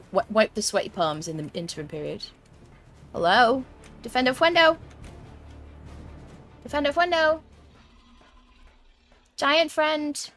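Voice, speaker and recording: A young woman streaming a video game, chatting excitably to the creatures and her viewers as she plays. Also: sits high. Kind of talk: let's play commentary. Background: faint game music.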